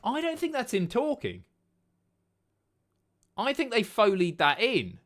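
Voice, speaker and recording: A man in his thirties chats casually while hosting a livestream. His voice is lively and bouncy in pitch, and his talk is blunt, sweary and sardonic. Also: measured pace. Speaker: livestream host. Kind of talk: casual stream chat.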